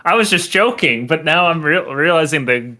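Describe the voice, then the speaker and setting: Young male gamer co-host, jokey and quick, bright tone. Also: a little high, lively intonation. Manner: laughing, quick jokey asides. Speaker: co-host, player. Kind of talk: casual let's-play chat.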